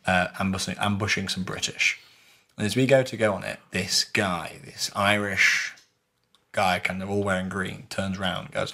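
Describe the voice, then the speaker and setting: A man co-hosting a podcast, telling an animated story in casual chat and acting out the voices of others. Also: deep voice, moderate pace, creaky. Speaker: podcast co-host recounting a LARP.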